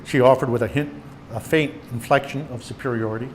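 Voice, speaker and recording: An older man reads his own tales aloud with lively storytelling, his pitch sitting in an ordinary middle range. A faint hum of room ambience sits behind him as he talks to a small gathering. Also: brisk. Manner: storytelling with animated quoted voices. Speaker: author giving a presentation. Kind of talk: reading his memoir stories aloud. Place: meeting room.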